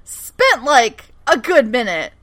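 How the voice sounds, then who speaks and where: Bubbly high-voiced woman, lively and giggly. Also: takes it slowly. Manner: giggly, animated, acts out characters' lines, swears freely. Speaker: podcast co-host. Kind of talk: casual chat recapping a TV episode.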